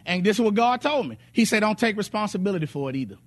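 The man's voice sits high and moves fast as he preaches, recounting testimonies. He gives voice to each quote and sings certain phrases, telling it all with animation.

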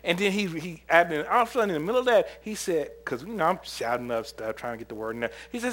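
A man preaching a sermon, telling camp stories in an animated way, often laughing and acting out what people said. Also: sits high, fairly quick, few pauses, a little hiss or hum. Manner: animated storyteller, laughs often, acts out quotes. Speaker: preacher and former camp counselor.

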